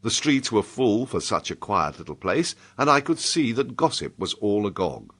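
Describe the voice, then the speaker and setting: A British man narrating an audiobook in the first person. His low voice moves lively across its range, shaping each sentence with expressive storytelling. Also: moderate pace. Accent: British English.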